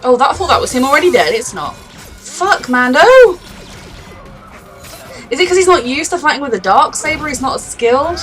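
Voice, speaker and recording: A woman's voice: high voice, expressive, normal speed, pauses often, fairly bright tone, faint music behind. A woman hosting a reaction video, gushing and emotional, often exclaiming at the screen. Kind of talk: casual reaction commentary.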